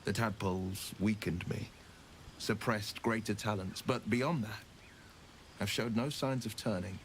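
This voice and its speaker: A man's voice: fairly low pitch, measured pace, natural voice. A man voicing an arch, sardonic adventurer. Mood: wry. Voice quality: polished, theatrical diction. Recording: game audio with faint background noise.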